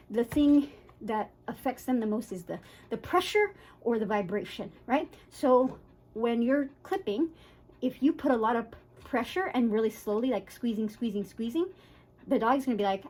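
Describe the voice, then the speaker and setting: A woman's voice: a little high, darkish tone, poor audio. A woman dog groomer giving a casual how-to demonstration, chatty and reassuring, often checking in with "right?" and playfully acting out a nervous dog. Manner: playfully acts out a scared dog in quick voices.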